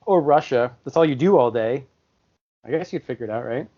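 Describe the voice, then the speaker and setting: A man's voice: medium pitch, expressive, brisk, mellow. Rambling man in casual podcast chat. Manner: loose, rambling, lots of fillers. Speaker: podcast co-host. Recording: slightly dull lo-fi audio.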